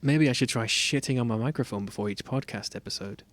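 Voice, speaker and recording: A man's voice: mid-range voice, fast. A man co-hosting a comedy podcast, trading jokey banter and playing up mock indignation. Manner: mock-indignant, stumbles over a tongue-twister sign-off. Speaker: podcast co-host.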